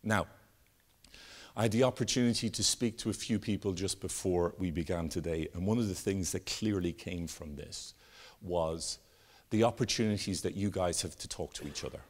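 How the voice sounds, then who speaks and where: A man giving a live keynote talk, telling stories and jokes with animated, sweeping emphasis. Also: deep voice, normal speed. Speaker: keynote speaker. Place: conference stage with an audience.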